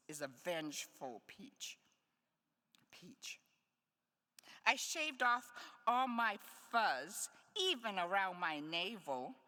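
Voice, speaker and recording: Bright, lively woman poet reading. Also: fairly low pitch. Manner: playful, wry asides between poems. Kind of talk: live poetry reading. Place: conference hall. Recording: long hall reverb.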